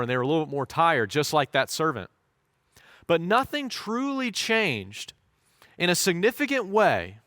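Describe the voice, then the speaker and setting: Brief: male pastor, story-driven sermon, slightly high voice, dry sound. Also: bright, forceful tone, no echo. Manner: storytelling, shifts into voiced quotes.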